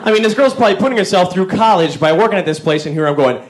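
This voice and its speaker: A man's voice: high-pitched, very fast, a faint crowd, a little hiss or hum. A man doing a stand-up routine on a live comedy stage, rambling through his stories with restarts and asides. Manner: animated, rambling storyteller with restarts.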